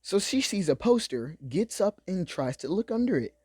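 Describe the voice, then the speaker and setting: A man's voice: high voice, sing-song, normal speed, a little mellow, husky, no echo, studio quality. A young man giving a comedic, profane, slangy recap of an anime. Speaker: commentary host.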